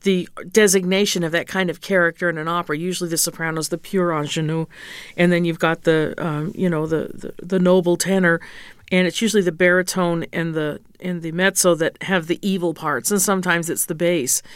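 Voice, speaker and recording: Smooth low-voiced woman opera singer. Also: steady tone, fairly quick, dry recording. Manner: frank, teasing, coaches pronunciation. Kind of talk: casual interview.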